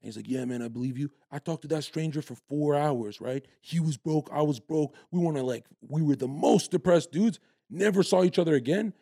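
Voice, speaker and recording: A young man in his twenties from Canada, telling stories in a brash, profane, animated way as a guest in a casual podcast chat. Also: fairly high pitch, brisk, gravelly, no echo, studio quality.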